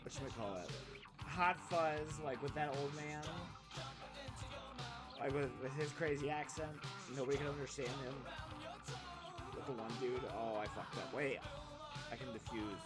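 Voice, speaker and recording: A man's voice: medium pitch, moderate pace, long pauses, music in the background. A man streaming a video game, talking in a crude, rambling way and swearing often. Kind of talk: casual gaming commentary.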